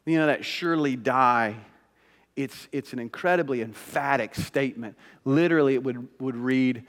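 A man's voice: medium pitch, moderate pace, in a large hall. A man preaching a sermon as pastor, conversational and emphatic, with rising bursts of emphasis.

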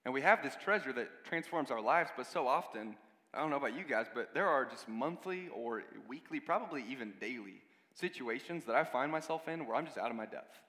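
A man's voice: mid-range voice, expressive, brisk, a bit bright. A man giving a conversational sermon, speaking to a congregation with casual asides and repeated words. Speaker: preacher. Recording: long hall reverb.

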